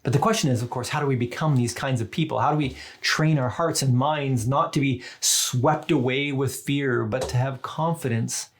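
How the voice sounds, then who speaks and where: Gravelly man preaching a reflective sermon. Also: medium pitch, normal speed, hardly any pauses. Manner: reflective, conversational preaching with asides to listeners. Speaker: pastor.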